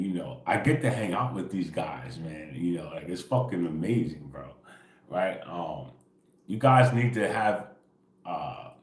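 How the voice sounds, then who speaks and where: A man with a very deep, low voice talks in a relaxed, rambling way on an early-morning livestream. He keeps it quiet and casual, tacking "bro" and "right?" onto nearly every sentence, and the sound bounces around an echoey room. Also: slight background noise. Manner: laid-back, rambling, peppered with "bro" and "right?". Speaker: spiritual livestream host.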